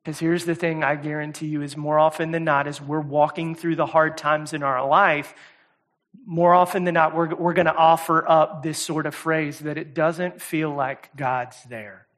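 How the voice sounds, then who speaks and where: Guy preaching in a church, chatty and repetitive, kinda high voice, gets loud then hushed. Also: level tone, moderate pace. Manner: conversational, repeats words and says "y'all" often; swings between loud emphatic and quiet soft delivery. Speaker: guest preacher. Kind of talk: sermon. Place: church service.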